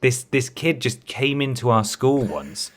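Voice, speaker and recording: A man's voice: mid-range voice, big pitch swings, a little slow, fairly bright tone. A man co-hosting a podcast, chatting casually with dry, teasing remarks. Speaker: podcast co-host. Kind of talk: casual chat.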